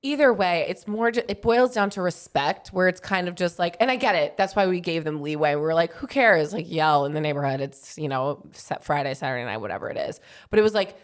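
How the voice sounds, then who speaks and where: A woman's voice: lowish voice, lively intonation, a little fast, hardly any pauses. A pregnant woman in her thirties co-hosting a podcast, chatting casually with lots of fillers and frequent laughs. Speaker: podcast co-host. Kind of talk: casual chat.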